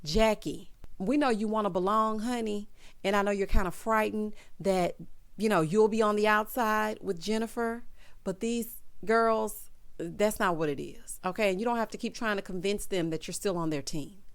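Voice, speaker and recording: A woman's voice: medium pitch, normal speed. A woman, sassily recapping a reality show in casual chat and talking straight to its cast. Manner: sassy, animated, talks straight to the people she discusses. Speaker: recap vlogger.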